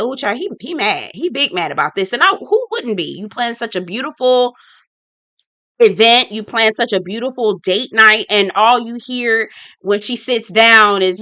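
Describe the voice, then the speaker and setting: A woman's voice: fairly high pitch, expressive, normal speed, pushed and bright, no echo, clean studio sound. A woman hosting a casual reality-show review vlog, blunt and sassy, talking straight to her viewers and repeating her points for emphasis. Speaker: reality TV recap host.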